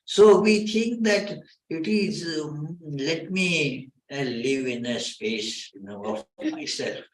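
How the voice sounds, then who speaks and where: A man giving a spiritual talk as a swami, speaking haltingly with many filler sounds. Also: a little high, animated. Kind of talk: spiritual lecture. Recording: roomy hall echo.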